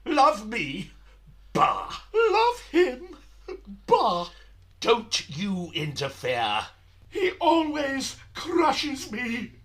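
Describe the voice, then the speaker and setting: A vain, self-pitying poet, as a man puts him on in a comic operetta, swooping through a lively, high range. He drawls slowly and theatrically, sulking and scoffing at everyone. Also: exaggerated voice. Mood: petulant. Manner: theatrical, petulant, high sung lines. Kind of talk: comic operetta, sung and spoken. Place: his room at home.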